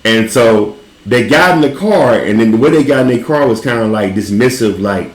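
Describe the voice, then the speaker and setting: A man's voice: medium pitch, lively intonation, normal speed. Laid-back man telling stories, roomy sound. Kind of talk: casual chat, storytelling.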